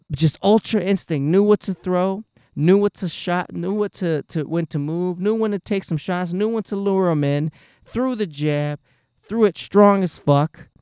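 Excited, profane man with a gravelly voice. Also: sits high, measured pace, no room sound, studio quality. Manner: excited, profane, rambling with restarts. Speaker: vlogger. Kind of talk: casual fight reaction monologue.

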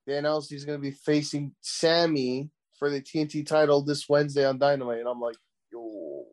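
Man, casual podcast chat, excitable, swears a lot, higher-pitched voice, filler-heavy. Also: a little fast. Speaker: podcast co-host.

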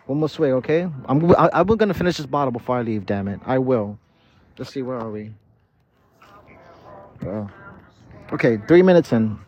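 A man's voice: mid-range voice, lively intonation, moderate pace, pauses often, darkish tone. A tipsy man hosting a podcast outdoors in a city park. He rambles through a casual, profane monologue, full of stammered restarts. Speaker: podcast host. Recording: dull lo-fi outdoor recording.

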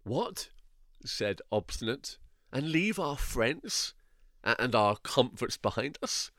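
A man's voice: mid-range voice, animated, takes it slowly, fairly bright tone, no echo, clean studio sound. A man voicing a stubborn, scornful male neighbour who mocks and dismisses. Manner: mocking, dismissive.

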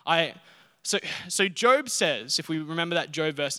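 A man preaching in an earnest, personal storytelling way. His voice is fairly high and bright. It rings out with a long reverb, as in a large hall or church. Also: animated, moderate pace. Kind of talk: sermon.

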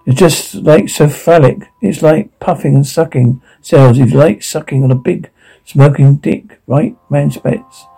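A taunting, obsessive security guard who gloats over his captive, his gravelly, husky voice sitting a little high, as a man acts him out. He mocks in a dark audio drama and snaps into bursts of rage. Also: a little slow, faint music behind, exaggerated voice, low-quality recording. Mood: leering. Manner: taunting, mocking, veers into rage. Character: menacing obsessive male security guard captor.

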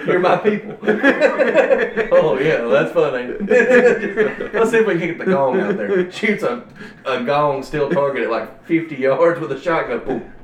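A man's voice: a little high, slow pace, over a noisy crowd. Laughing man, distant and echoey. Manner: laughs often, animated storytelling. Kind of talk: casual chat. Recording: echoey room, voice far from the mic.

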